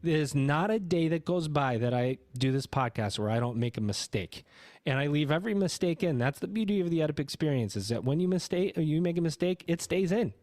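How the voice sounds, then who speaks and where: A man's voice: on the high side, animated, fairly quick, darkish tone, dry recording, studio quality. Chatty rambling podcast host man. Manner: rambling, self-correcting, chatty. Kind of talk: casual podcast intro and interview.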